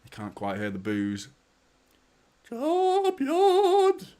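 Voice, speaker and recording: Bloke streaming a footy watchalong, chatty, greets the chat, swears a lot, medium voice. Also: male voice, mid-range voice, normal speed. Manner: chatty, greets viewers by name, swears casually. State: a little out of breath. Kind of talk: casual live stream chat.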